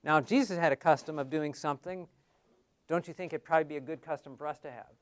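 A man's voice: fairly high pitch, quick pace. A man teaching a class on how to give Bible studies, in a conversational way that keeps asking the class questions.

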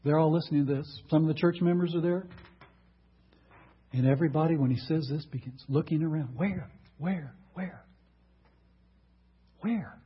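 Male preacher, slightly high and very husky, emphatic sermon delivery, dull lo-fi sound. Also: steady tone, brisk. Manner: emphatic, rhetorical questions to the audience.

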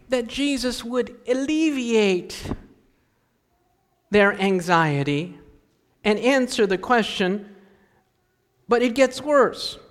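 A man's voice: very high-pitched, expressive, slow, long pauses, fairly bright tone, long reverb tail. A man preaching a sermon as a pastor, telling a story with animation and acting out the voices of frustrated parents.

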